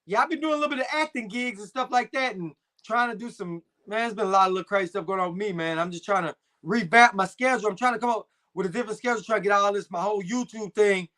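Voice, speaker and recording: A man's voice: high voice, quick pace, few pauses, pushed and bright. A young adult man hosting a live stream, chatting casually with slang and reading viewer comments. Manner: laid-back slangy banter, frequent fillers.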